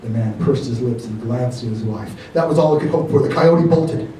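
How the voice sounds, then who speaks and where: Male author reading aloud, mellow and expressive; roomy library hall with a distant mic. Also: medium pitch. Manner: measured, expressive storytelling. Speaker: author reading his work. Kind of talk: live reading of fiction. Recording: roomy hall from far off, faint noise.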